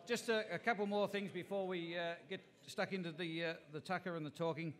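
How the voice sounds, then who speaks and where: A man's voice: sits high, steady tone, brisk. A man hosting an event, polite and hesitant with many fillers. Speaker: event host.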